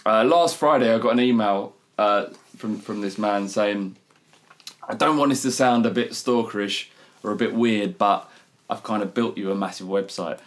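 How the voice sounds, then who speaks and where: Laid-back swearing podcast host. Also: male voice, fairly low pitch, normal speed. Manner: loose, swearing, laughing. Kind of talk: casual banter.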